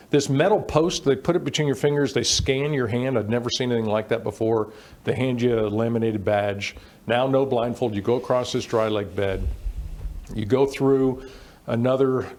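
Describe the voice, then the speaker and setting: Middle-aged guy telling stories in an interview, acts out the quotes, normal pitch. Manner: animated anecdotes with quoted dialogue. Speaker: interview guest. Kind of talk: storytelling in a conversational interview.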